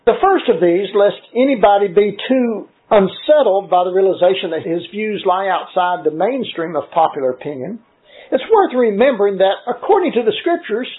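High-voiced preacher on a tinny line. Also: male voice, lively intonation. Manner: measured, earnest teaching with frequent scripture citations. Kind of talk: sermon. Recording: tinny phone-like recording.

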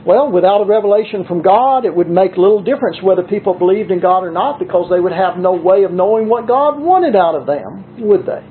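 A preacher delivers a measured, emphatic sermon, pausing to read scripture aloud and press each point home. The voice comes through a narrow, telephone-like recording. A faint hiss runs beneath it. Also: medium pitch, lively intonation.

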